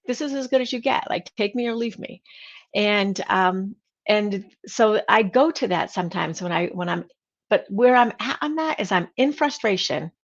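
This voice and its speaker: A woman's voice: fairly low pitch, creaky, muffled recording. A woman hosting a vlog, talking casually and rambling, with lots of fillers and restarts. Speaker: vlog host, real estate trainer. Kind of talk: casual talk to camera.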